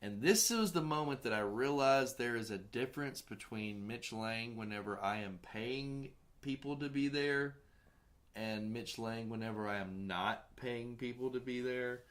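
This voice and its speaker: A man hosting a podcast, telling film-set stories in a casual, profane, animated way. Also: medium pitch. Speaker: podcast host and film director. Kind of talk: casual storytelling chat.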